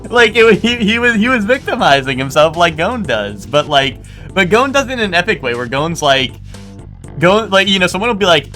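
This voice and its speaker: Young male streamer: bright, animated, rambling, swears, faint background music. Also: fairly high pitch, fairly quick. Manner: rambling, swears a lot, full of "like". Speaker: game streamer. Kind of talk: casual live-stream chat.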